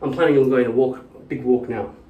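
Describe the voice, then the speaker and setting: A man's voice: medium pitch, fairly even intonation, fast, phone-quality sound. A man vlogging in casual chat, rambling and swearing as he rants. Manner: rambling, profane and ranting. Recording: echoey room, mic at a distance.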